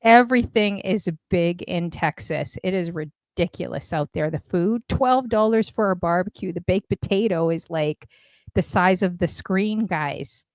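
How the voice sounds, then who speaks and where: A woman's voice: fairly low pitch, a little slow, no room sound. A woman from Canada hosting a casual interview, bubbly and chatty, saying "like" often. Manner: bubbly, chatty, with lots of "like" and laughter. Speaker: podcast host.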